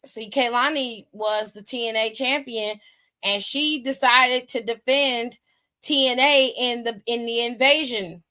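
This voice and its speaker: A woman co-hosting a live stream, recapping wrestling in a blunt, profane, animated way. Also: a little high, low-quality recording. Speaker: stream co-host. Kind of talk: casual wrestling chat.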